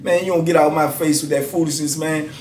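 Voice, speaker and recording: A man in his fifties telling a story casually, animated and emphatic, often checking in with the listener. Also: fairly high pitch, fast, slight background noise. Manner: animated, emphatic, repeats "you know what I'm saying". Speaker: storyteller host. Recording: roomy echo.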